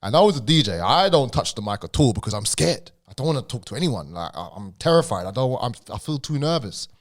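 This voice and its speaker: A young man with a stammer, talking as a guest on a podcast in a casual, halting way with slang. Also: medium pitch, very animated.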